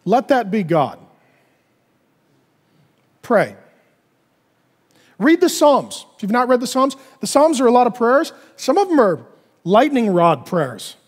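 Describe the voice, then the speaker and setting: A male pastor preaching a sermon in an animated way, acting out little dialogues in other voices. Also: very high voice, takes it slowly, pauses often, long reverb tail.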